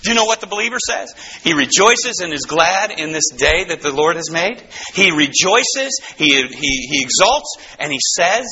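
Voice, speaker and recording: A man preaching a sermon, swinging between soaring exclamations and hushed low asides. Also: very animated, moderate pace. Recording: slightly dull, faintly noisy recording.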